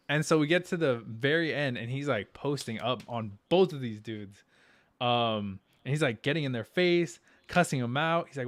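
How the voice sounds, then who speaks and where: A man's voice: mid-range voice, fairly quick, no room sound. A young man co-hosting a podcast, telling stories in casual chat, laughing often and swearing freely in slang. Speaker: podcast co-host.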